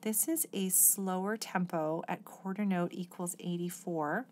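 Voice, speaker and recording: Patient woman teaching oboe, lowish voice. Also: unhurried, darkish tone. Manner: patient, explanatory, sings example phrases. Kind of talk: instructional music lesson.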